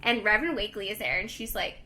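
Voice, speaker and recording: A young woman co-hosting a book podcast, casually retelling a story with lots of "like" and animated quotes. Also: mid-range voice, quick pace, low-quality recording. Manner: chatty, lots of "like", animated quoting. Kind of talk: casual chat retelling a novel's plot.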